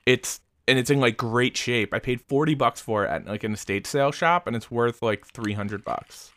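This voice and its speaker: A young man co-hosts a podcast, chatting casually in a rambling, relaxed way and swearing plenty. His mid-range voice is a bit bright at normal speed, with clean studio sound and no room sound.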